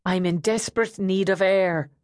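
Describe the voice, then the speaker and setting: A woman voicing a suave, wealthy Irish man in an audiobook, smooth and easy with a hint of strain. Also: medium pitch, fairly even intonation, moderate pace, darkish tone, no room sound, studio quality, lightly acted.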